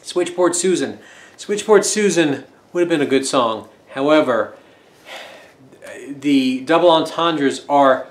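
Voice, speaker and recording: A man's voice: fairly high pitch, takes it slowly, reverberant. A man casually talking through his record collection, rambling and joking as he goes. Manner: rambling, chatty, jokey asides.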